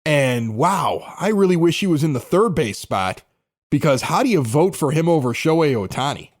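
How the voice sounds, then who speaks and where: Lively, laughing male sports podcaster. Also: a little high, normal speed. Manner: rambling, restarts, laughs a lot. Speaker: podcast co-host. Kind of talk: casual sports chat.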